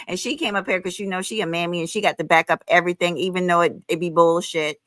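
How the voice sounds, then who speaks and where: A woman's voice: fairly low pitch, fast talker, few pauses, a bit bright, no echo. A woman hosting her own livestream, ranting heatedly in a sassy, profane, scolding way, calling listeners honey and child. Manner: emphatic, with frequent "honey" and "child". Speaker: livestream host.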